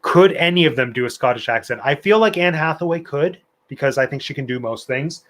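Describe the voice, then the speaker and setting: A man's voice: medium pitch, animated, fairly quick, fairly bright tone. A man hosting a live online trivia night, reading out questions and answers in a chatty, playful way with opinionated asides. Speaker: trivia host.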